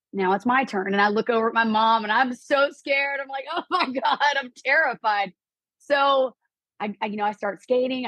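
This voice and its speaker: A woman guest on a podcast telling a personal story, animated and quoting people in lively voices. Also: fairly high pitch, no echo. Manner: animated, quotes herself and others in lively voices. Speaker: podcast guest, real estate investor. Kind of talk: storytelling in an interview.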